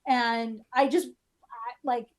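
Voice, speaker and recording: A woman chatting casually as a guest, her voice pitched high. She rambles with plenty of "like" fillers and a wry, offhand humor. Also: fairly even intonation, slow. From United States. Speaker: guest cosplayer. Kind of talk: casual interview chat.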